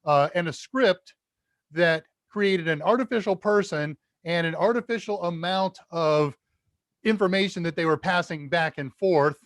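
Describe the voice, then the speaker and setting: A man teaches on a live stream, rambling in an easy, chatty way as he reads messages and talks through his project. His voice sits a little high for a man. The sound is dry and close to a desk mic, and his loudness swings as he leans in and out. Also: measured pace, dry recording. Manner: rambling, chatty, talks to chat while working. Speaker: tech instructor hosting a live Q&A. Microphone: desk mic at a computer, level jumps as he leans away.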